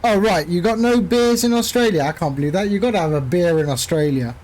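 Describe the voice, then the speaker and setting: A man's voice: high-pitched, fairly quick, a little mellow. A man streaming a flight simulator, chatting casually and rambling with jokey asides to his viewers. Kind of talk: casual chat while flying a sim.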